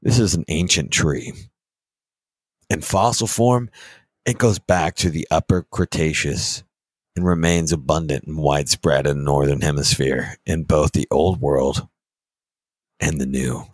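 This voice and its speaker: A man putting on the voice of a stern older man with a cigar and bourbon, reading a herbal text slowly and gravely. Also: rumbling low, dry recording, voice pushed down, heavily acted, rough recording. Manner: slow, grave, deliberate reading.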